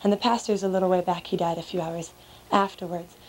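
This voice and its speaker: A woman telling a joke to an audience in a lively, animated way. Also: on the low side, a little fast, poor audio. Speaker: storyteller.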